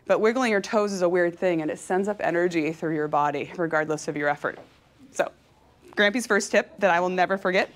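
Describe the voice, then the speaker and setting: An energetic woman from California gives a motivational talk to an audience. She speaks openly and with feeling, and laughs often. Her voice sits slightly low for a woman. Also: fairly quick. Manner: emotional and openly heartfelt. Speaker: professional cyclist giving a talk.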